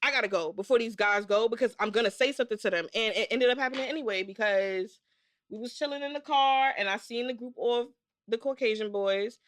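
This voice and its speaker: A young woman co-hosting a podcast, telling animated stories in casual chat and acting out scenes. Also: a little high. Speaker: podcast co-host.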